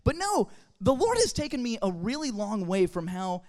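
A young adult telling a funny story to a church group, in a chatty, animated way with casual fillers. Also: medium pitch, moderate pace. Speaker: speaker at a church youth gathering. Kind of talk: humorous storytelling talk to a group.

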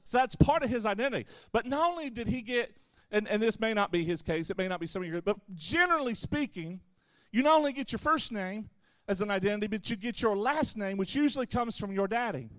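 High-voiced man preaching to young people. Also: fast talker, fairly bright tone, clean tone, no echo. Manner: conversational preaching with playful asides to the audience. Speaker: youth pastor. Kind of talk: sermon.

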